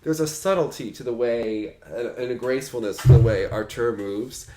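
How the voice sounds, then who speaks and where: A man co-hosting a casual podcast chat, gushing and animated as he talks. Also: medium pitch, moderate pace, roomy sound, slight background noise. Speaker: co-host.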